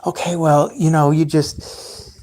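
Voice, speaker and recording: A nagging, hurt father who sounds whiny and defensive, pitched high and pushed a little louder, as a man mocks him. The tone is raised and pleading. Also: slow.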